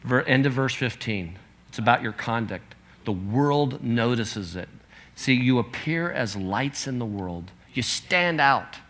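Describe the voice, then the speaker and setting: A man's voice: mid-range voice, animated, a little slow, a bit bright. A pastor in his fifties gives an earnest, conversational sermon, reading out scripture as he goes.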